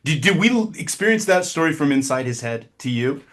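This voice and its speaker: A man's voice: on the high side, expressive, brisk, a bit bright. A man interviewing a film director, asking questions in a chatty, easygoing way and breaking into short laughs.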